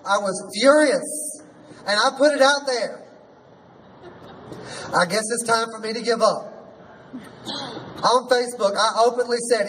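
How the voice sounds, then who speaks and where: A man's voice: high voice, fairly bright tone. A man, a drag queen hosting an outdoor rally, rousing and sassy and leading the crowd in chants. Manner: sassy, rousing, leads call-and-response. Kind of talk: rally speech. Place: outdoor rally in front of a courthouse. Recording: distant mic, faint background noise.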